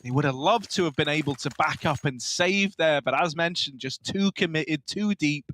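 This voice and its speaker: A man commentating a live esports match, quick and analytical, with bantering asides. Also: fairly high pitch, fairly bright tone.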